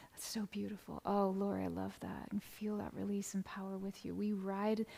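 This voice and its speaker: A woman hosting a live stream, reading viewer comments aloud in a soft voice that often drops to a whisper, with bursts of laughter and sung birthday greetings. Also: medium pitch, gravelly. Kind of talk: live stream chat, gentle and affirming.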